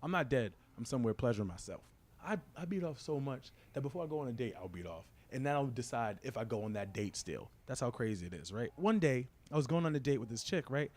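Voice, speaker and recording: A man's voice: medium pitch, lively intonation, a little mellow. A young man doing a crude stand-up comedy routine, telling a story and tossing "right?" to the crowd. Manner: fast, crude storytelling with frequent "right?" asides.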